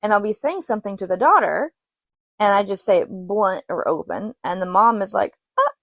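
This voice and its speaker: A young adult woman hosting a podcast, chatting casually and laughing often as she tells stories and quotes others in quick asides. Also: mid-range voice, lively intonation, a bit bright, no echo. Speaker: podcast host. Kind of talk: casual solo podcast storytelling.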